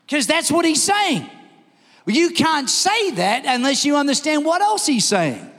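A man preaching a sermon, telling a story with energy and shouting the quoted lines. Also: very high-pitched, sing-song, measured pace. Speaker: pastor. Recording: long hall reverb.

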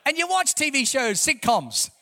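High, bright-voiced fervent male preacher. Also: big pitch swings, moderate pace. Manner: fervent, emphatic preaching with rhetorical questions. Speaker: pastor. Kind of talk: sermon. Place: church before a congregation.

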